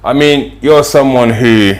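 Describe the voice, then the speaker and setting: A man hosting a podcast, asking measured, probing questions in a casual way with fillers. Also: medium pitch. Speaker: podcast host.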